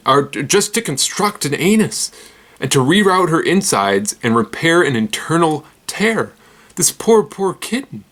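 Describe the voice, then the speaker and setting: With a medium-pitched, fairly bright voice, this male host runs a laid-back weird-news roundup. He's rambling and giggly, and he makes self-deprecating jokes whenever he trips over his words.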